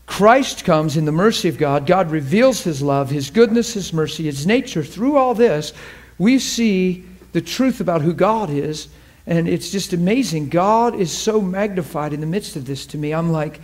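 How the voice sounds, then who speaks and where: High-voiced fervent male preacher. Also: expressive, moderate pace, darkish tone. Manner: emphatic, fervent, asks the audience questions; laughs with the audience. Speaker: preacher teaching a class. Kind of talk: sermon.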